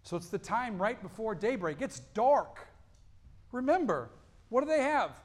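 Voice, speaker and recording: A man preaching a sermon as pastor, reading scripture and explaining it earnestly, rising to emphatic peaks and dropping to quiet lows. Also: big pitch swings, normal speed. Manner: reads scripture aloud, then explains it.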